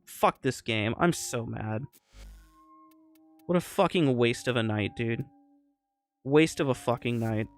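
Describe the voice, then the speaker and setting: A man's voice: medium pitch, slow, pauses often, soft background music. A young man playing a video game and ranting angrily, swearing often about losing a fight. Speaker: gamer streamer. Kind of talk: casual gameplay rant.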